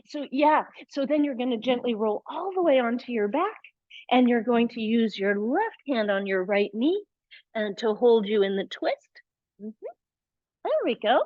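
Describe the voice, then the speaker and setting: A woman's voice: fairly high pitch, sing-song, measured pace, no room sound, dull audio. A woman leading a live yoga class, chatty and encouraging, with playful asides. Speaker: yoga teacher.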